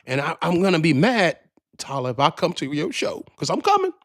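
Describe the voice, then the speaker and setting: A man's voice: on the high side, sing-song, moderate pace, no room sound. A man hosting a podcast, ranting casually in a profane, rambling way, often restarting his sentences, into a studio microphone. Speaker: podcast host. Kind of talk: casual rant.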